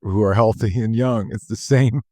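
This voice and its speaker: A man's voice: on the low side, steady tone, normal speed, mellow, no room sound. A man hosting a podcast, easygoing and joking, laughing often. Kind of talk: casual chat.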